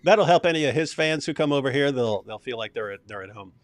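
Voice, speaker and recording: A man's voice: mid-range voice, lively intonation, quick pace, no echo. A man hosting a live stream, chatting casually, who mocks and laughs often. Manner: mocking, laughs often, restarts sentences.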